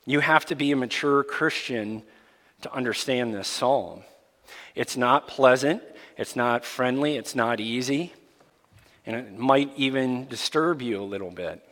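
Pastor guy preaching slow, drops to a hush then gets loud, big reverby hall. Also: mid-range voice. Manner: dramatic swings from hushed to loud. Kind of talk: sermon.

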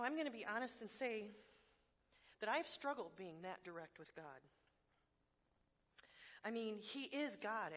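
A woman's voice: a little high, fairly bright tone. A woman preaching a sermon to a congregation in a church hall, candid and emphatic, with self-deprecating humor and repeated words for stress.

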